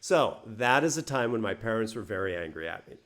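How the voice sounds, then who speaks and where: Lively man telling a story. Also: on the low side, fairly quick. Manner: lively, chatty, laughs between phrases, acts out quotes. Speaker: English teacher telling a personal story. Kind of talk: casual personal storytelling for learners.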